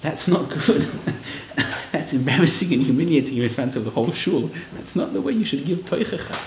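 A man giving a lively Torah class to a live audience, acting out quoted people in raised voices. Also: fairly high pitch, brisk, a little hiss or hum. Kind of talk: lively sermon-style Torah lecture. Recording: roomy, slightly dull hall recording.

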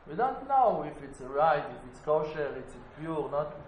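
A man teaching a Talmud class in an animated way, at times slipping into a chanting study singsong. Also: on the high side, unhurried, slight background noise. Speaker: Torah teacher. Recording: roomy echo, faint ambience.

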